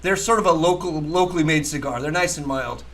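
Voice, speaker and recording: Male poker host, high sharp voice, casual, profane, rambling. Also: a little fast, low-quality recording. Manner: profane, rambling, laughs often; emphatic, argumentative. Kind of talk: casual chat.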